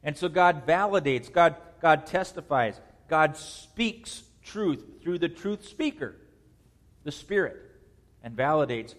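A man preaching an expository sermon, swinging between soft, slow stretches and loud, rising bursts. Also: fairly high pitch, animated. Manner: preaches with dynamic swings in loudness and pace. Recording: long hall reverb.

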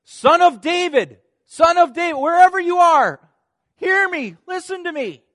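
A man voicing a desperate blind beggar man who pleads loudly for mercy over a crowd. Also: very high voice, normal speed, no room sound, clean studio sound, pitched above the performer's own voice. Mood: pleading.

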